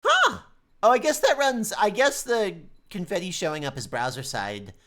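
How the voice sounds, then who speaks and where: A woman's voice: medium pitch, very animated, moderate pace, fairly bright tone. A woman streaming a video game, chatty and self-deprecating, reading story lines aloud and talking with her chat. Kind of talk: casual gaming livestream, reading lines aloud. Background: game music.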